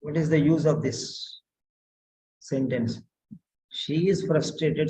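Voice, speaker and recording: Slow-talking male writing tutor. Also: fairly high pitch, mellow, poor audio. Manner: slow, repetitive, questioning and corrective. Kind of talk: correcting a student's letter aloud.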